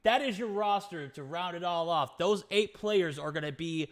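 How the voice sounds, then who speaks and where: Brief: male esports caster, fairly high voice, hyped live banter. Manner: hyped, rapid name-listing banter.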